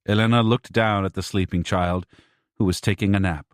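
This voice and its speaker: A man with a lowish voice reads an audiobook in a measured, even manner. The sound is dry and close, with no room at all. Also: dry recording. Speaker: audiobook narrator. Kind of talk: scripted narration.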